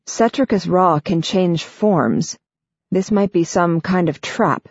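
A woman's voice: lowish voice, takes it slowly, darkish tone, husky, no room sound, exaggerated voice. A woman voicing a cautious, distrustful teenage girl in an audiobook. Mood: wary. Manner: cautious, wary. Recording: dull, dry studio sound.

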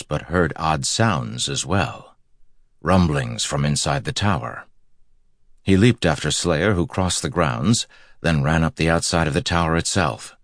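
Super deep male voice reading fantasy audiobook, steady and measured, dry close mic. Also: no room sound. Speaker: audiobook narrator. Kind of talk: scripted fantasy narration.

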